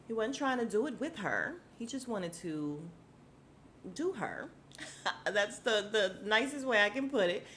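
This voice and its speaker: Woman podcaster doing a chatty episode recap, slangy and animated, mid pitch, bit of low rumble behind. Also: measured pace. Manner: animated, slangy, acts out characters' lines, laughs often.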